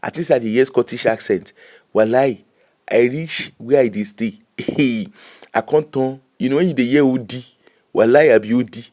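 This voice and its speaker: Man, nigerian pidgin accent, middle-aged, casual live-stream chat, animated, mixes pidgin and english. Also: mid-range voice. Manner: animated, laughing, switching between Pidgin and English. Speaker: host.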